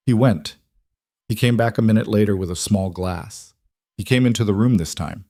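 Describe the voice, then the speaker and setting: A man narrating a scripted story in a measured, even delivery. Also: lowish voice, dry recording, studio quality.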